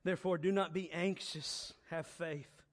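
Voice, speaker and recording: Preaching a sermon, this man swings between hushed, low musing and loud, emphatic urging, with phrases repeated slowly and on purpose. His tone stays steady.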